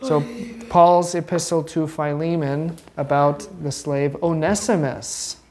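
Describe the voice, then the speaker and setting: A woman teaching a church catechism class, brisk and playful, often repeating her words. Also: deep voice, steady tone, darkish tone, a little hiss or hum.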